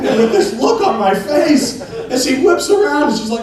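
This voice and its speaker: Animated male comedian in an echoey hall. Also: extremely high pitch, fairly quick, a loud crowd. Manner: animated storytelling, acts out voices and rising excitement. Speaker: stand-up comedian. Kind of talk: stand-up comedy set. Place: large church hall with a live audience. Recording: echoey hall from far off, audience laughter.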